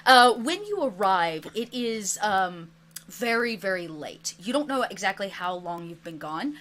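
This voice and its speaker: Woman gm narrating a tabletop game, chatty with lots of ums, bright lively voice. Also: mid-range voice, measured pace. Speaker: game master.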